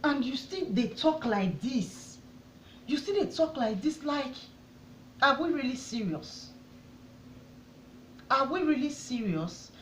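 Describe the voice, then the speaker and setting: A woman's voice: high voice, big pitch swings, slow pace, long pauses, slight background noise. Impassioned Nigerian woman in an echoey room. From Edo State, Nigeria. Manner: pleading, indignant, rhetorical questions. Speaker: vlogger. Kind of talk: impassioned address to camera. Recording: echoey room, dull sound.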